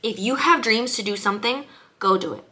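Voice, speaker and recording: A woman's voice: fairly high pitch, fairly quick, pushed and bright. A young woman giving a blunt, emphatic motivational rant to her viewers, swearing often and hammering points with repetition. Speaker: vlogger. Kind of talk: ranting motivational monologue to camera.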